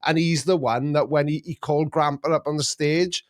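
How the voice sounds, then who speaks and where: A man's voice: on the high side, fairly even intonation, fairly quick, dry recording, clean studio sound. A man hosting a casual live stream, chatting in a rambling, jokey way with many restarts. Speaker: host.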